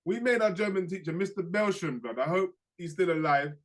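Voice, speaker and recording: A young man, chatting casually as a podcast co-host and telling lively stories in slang. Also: high-pitched, a little fast. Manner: animated storytelling, slangy, laughs through anecdotes. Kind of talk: casual chat.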